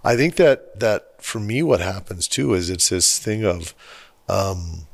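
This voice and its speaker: A man's voice: low voice, lively intonation, unhurried, gravelly. A man hosting a podcast, talking in an earnest and emphatic way in casual conversation. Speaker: podcast host.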